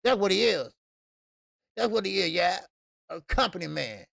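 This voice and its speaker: Gravelly, profane boxing stream host, a man. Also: high-pitched, very animated, normal speed, no room sound, studio quality. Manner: loose, profane, shouts out chat viewers, laughs often. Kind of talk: casual livestream chat.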